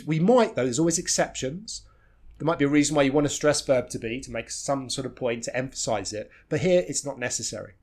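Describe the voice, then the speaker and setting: A man with a husky, slightly breathy voice teaches pronunciation. His pitch moves a lot as he models sounds, and he repeats short phrases slowly so they can be copied. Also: a little mellow. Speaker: English teacher. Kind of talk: pronunciation lesson.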